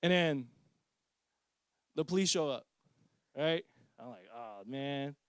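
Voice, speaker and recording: A man's voice: fairly high pitch, takes it slowly, no room sound, studio quality. A man in his forties giving a casual personal testimony as a parent, joking and poking fun at himself. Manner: casual, joking, self-mocking storyteller.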